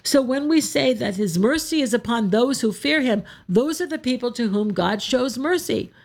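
A woman's voice: a little high, animated, moderate pace, darkish tone. A woman giving a scripture teaching talk as an Orthodox Christian Bible teacher, explaining verses and asking her listeners rhetorical questions.

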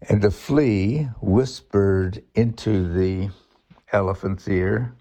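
A man giving a reflective spiritual talk, halting and searching, thinking aloud as he goes. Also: fairly low pitch, mellow. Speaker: Christian speaker.

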